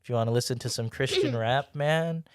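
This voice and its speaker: A man's voice: medium pitch, fairly quick, clear, resonant tone, dry recording, clean studio sound. A young man hosting a casual group podcast, chatty and rambling, laughing often. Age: young adult. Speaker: podcast host.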